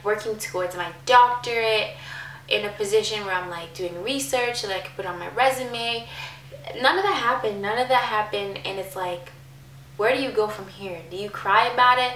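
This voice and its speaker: A woman's voice: mid-range voice, pushed and bright, roomy sound, distant mic, slight background noise. A woman in her twenties talking candidly and emotionally in a personal vlog, with many fillers and near tears at times. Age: 20s. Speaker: vlogger.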